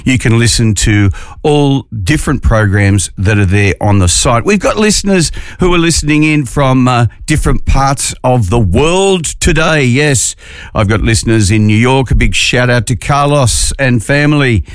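A man's voice: mid-range voice, expressive, normal speed, clean tone, no room sound, clean studio sound. An Australian man hosting a community radio morning show, chatty and jokey, drawing out his phrases. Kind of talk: casual morning radio chat.

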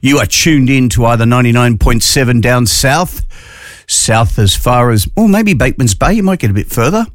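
A man's voice: medium pitch, expressive, moderate pace, dry recording. A man with an Australian accent presenting a community radio show in chatty, jokey, upbeat talk from a studio. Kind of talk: casual radio chat.

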